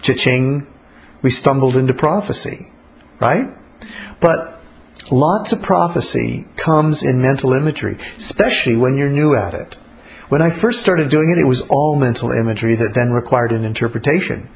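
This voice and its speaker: A man teaching about prayer in a relaxed, conversational way, blunt and colloquial. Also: medium pitch, normal speed, vocal fry, a little hiss or hum, rough recording. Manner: blunt, colloquial, acts out little spoken exchanges.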